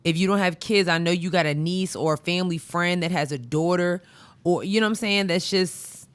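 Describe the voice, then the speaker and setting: A woman co-hosts a podcast, chatting casually and reflectively while pressing hard on key points. Her voice is on the low side and clean in tone, and she speaks a little fast.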